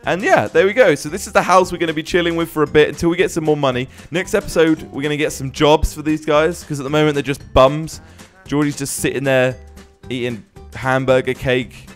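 A man's voice: fairly high pitch, fairly even intonation, brisk, faint music behind. A young man casually commenting on a life-simulation game as host, often laughing and exclaiming at what happens on screen. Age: young adult. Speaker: gaming channel host.

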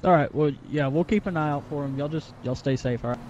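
Guy doing a chill deputy in a game rp, talks fast, kinda muffled sound. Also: fairly high pitch, darkish tone, slight background noise. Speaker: sheriff's deputy in a role-play game. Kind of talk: in-character police role-play.

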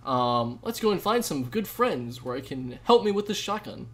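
A young man live-streaming a game, chatting with viewers in a jokey, rambling way with sudden loud outbursts. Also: on the high side, very animated, moderate pace. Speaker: gaming streamer. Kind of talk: live gameplay commentary with chat.

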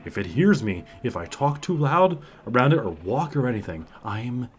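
Guy playing a horror game on a desk mic, whispery then screaming, swings all over, keyboard clacking loud behind. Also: medium pitch, very animated, moderate pace, a little hiss or hum. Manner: hushed and careful, then yelling in panic; swears and jokes to viewers. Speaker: gaming video creator. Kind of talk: horror game let's-play commentary.

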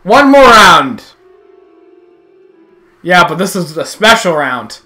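A man giving casual, jokey gameplay commentary, excitable and full of trash talk. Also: high voice, slow, soft background music. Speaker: video game player.

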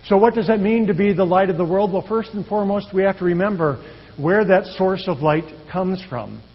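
Husky-voiced pastor preaching in a hall. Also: male voice, sits high. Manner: earnest, measured preaching with trailing soft endings. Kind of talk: sermon. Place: church sanctuary. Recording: dull echoey church hall.

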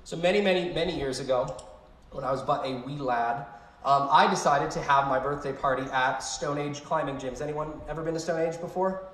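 A young male youth pastor gives a youth sermon in a relaxed, chatty manner, breaking into animated storytelling with quick asides. His voice is a bit high, and the sound echoes like a big room.

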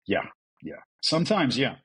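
A man who works as a voice actor, telling stories in a casual podcast interview, animated and full of restarts. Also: mid-range voice, moderate pace, husky, rough recording. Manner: chatty storyteller, animated with restarts. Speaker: voice actor guest.

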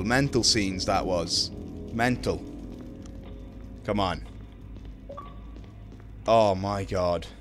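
A young man streaming a horror game, swearing a lot and breaking into loud excited shouts. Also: low-pitched. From Ireland. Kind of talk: live gaming commentary.

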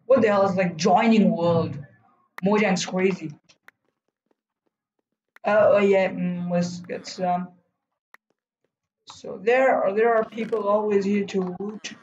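A man's voice: sits high, highs cut off. Guy streaming a game, hyped commentary, lots of whoa whoa, echoey room, bit of hiss. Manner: excitable, bursts into loud "whoa" and "no" cries; talks to himself and urges teammates on. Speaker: gaming streamer. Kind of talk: live gameplay commentary.

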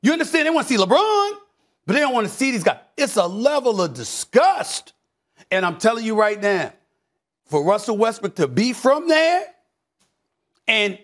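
Heated sports commentary comes from a middle-aged man who speaks emphatically, repeating phrases. His voice moves from quiet mutters up to shouts.

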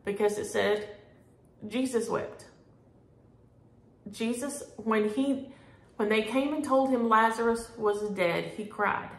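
A middle-aged woman, chatting homey and warmly to her viewers about stitching and mail. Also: a little high, slow, long pauses. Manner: homey, chatty, uses y'all. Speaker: flosstube host. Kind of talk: casual chat to camera. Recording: echoey room.

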